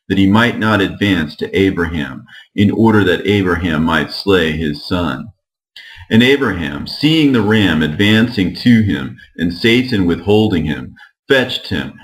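A man narrating an old religious text in a measured, steady reading. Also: low voice, low-quality recording. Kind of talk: scripture reading.

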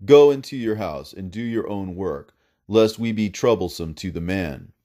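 A man's voice: low-pitched, expressive, moderate pace, dark tone. A man voicing a hospitable, grave old male patriarch with a solemn, commanding manner.

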